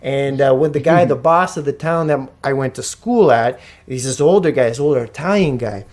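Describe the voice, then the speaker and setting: A man casually telling a wild story on a podcast, animated and slangy, with frequent swearing. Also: medium pitch, normal speed. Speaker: podcast guest or co-host.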